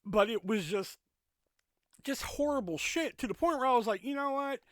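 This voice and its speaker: Guy ranting on his podcast, swears a lot, bright punchy voice, dry close mic. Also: sits high, moderate pace, no room sound. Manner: profane, rambling, animated retelling. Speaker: podcast host. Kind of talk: casual storytelling rant. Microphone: podcast mic with pop filter.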